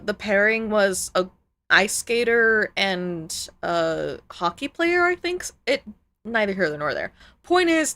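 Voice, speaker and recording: A woman's voice: mid-range voice, a bit bright. A woman streamer in casual live-stream chat, ranting heatedly and swearing freely.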